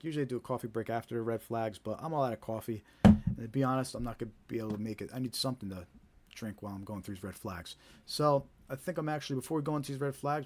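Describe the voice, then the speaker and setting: A man's voice: medium pitch, darkish tone, a little hiss or hum. A man with a New Jersey accent hosting a live stream, talking in a chatty, conversational way with many fillers and repeated starts. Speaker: host of a scam awareness live stream. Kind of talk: casual live-stream chat.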